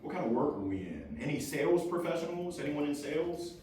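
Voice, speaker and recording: Animated man speaking in an echoey room. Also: a little high, a little fast, slight background noise. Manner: energetic, playful, quizzes the crowd. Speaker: motivational speaker. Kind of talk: lively workshop talk to a live audience. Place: meeting room with a live audience. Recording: very echoey room, far from the mic.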